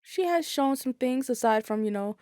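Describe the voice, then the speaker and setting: A woman appears as a guest on a podcast, talking casually and bluntly, swearing freely and using frequent fillers. Her voice sits high and sounds expressive and a little mellow, at a moderate pace, in studio-quality audio with no echo.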